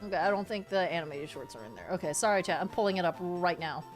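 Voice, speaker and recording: A woman's voice: fairly low pitch, animated, fast, faint music behind. A woman streamer chatting casually with her viewers. She gets worked up easily, swears freely and often repeats her phrases.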